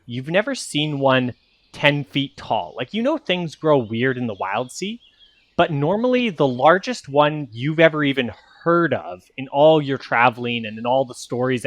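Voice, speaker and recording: Male game master, unhurried, filler-heavy narration, middle pitch. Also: no room sound. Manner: meandering, descriptive, many fillers.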